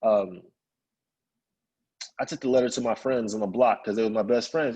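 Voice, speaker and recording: A man from Chicago, a guest speaker telling a personal story in an animated way and acting out the voices of the people in it. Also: lowish voice, moderate pace, pauses often, slightly rough, rough recording. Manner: animated, acts out quoted voices of family and friends.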